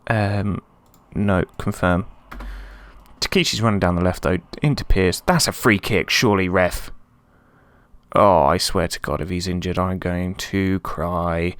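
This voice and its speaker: A man casually commenting on his own football management game, chatty and prone to sudden excited outbursts. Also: low-pitched, a little slow, dry recording. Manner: excitable, chatty, swings between calm and yelps. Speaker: let's play host.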